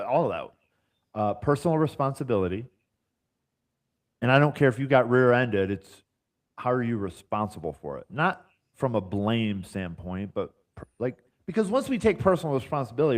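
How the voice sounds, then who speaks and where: A man chatting as a podcast guest, telling stories in an animated way. He acts out what others said to him and leans on casual fillers as he talks. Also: mid-range voice. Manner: animated, acts out quoted dialogue; uses fillers like "like" and "you know". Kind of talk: casual storytelling chat.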